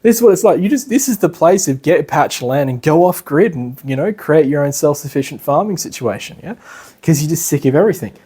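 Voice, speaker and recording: An Australian man giving a casual lecture, chatty and animated, with many fillers. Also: on the high side, fast, husky. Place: class in a meeting room.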